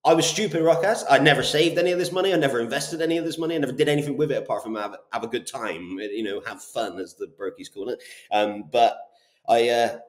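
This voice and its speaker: A man in his twenties with a Bristol accent, a guest on an interview show, telling stories in a brisk, animated way with casual swearing. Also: mid-range voice. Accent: Bristol English. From Bristol, England. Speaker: guest, property business owner. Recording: roomy echo.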